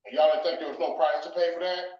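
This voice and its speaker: A man's voice: fairly high pitch, steady tone, fast. Emphatic man ranting in an echoey room. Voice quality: emphatic, mocking. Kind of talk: heated opinion rant. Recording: roomy, distant, dull audio.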